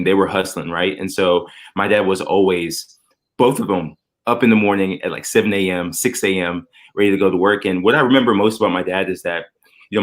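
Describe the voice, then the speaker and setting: Deep-voiced reflective man in his thirties. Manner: earnest and reflective, with frequent restarts. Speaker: podcast guest, father. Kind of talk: conversational interview.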